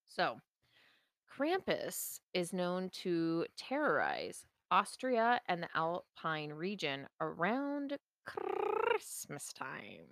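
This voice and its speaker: A woman co-hosting a casual podcast tells a story at an unhurried pace, with a pitch that rises and falls a lot. She teases and giggles her way through, recorded close on a dry mic. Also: huge pitch swings, gravelly, fairly bright tone, no echo. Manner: giggly, teasing, slow-spoken. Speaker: podcast co-host.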